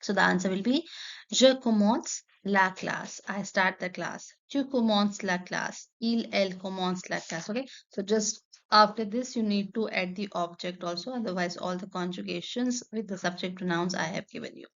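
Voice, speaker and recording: A woman's voice: mid-range voice, moderate pace, creaky. A woman, a French teacher explaining a textbook lesson step by step, reading French phrases and then translating them. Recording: dull lo-fi sound.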